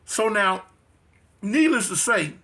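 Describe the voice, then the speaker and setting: A man's voice: sits high, animated, slow, sharp tone. A man casually telling a story, with streetwise slang, emphatic repeats and frequent restarts. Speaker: interview guest.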